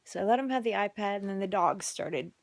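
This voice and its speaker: A mother, exhausted, vlogs on her phone camera with a medium-pitched, animated voice that runs a little fast in a dry recording. Her chatty story about a long night often sinks into whispers.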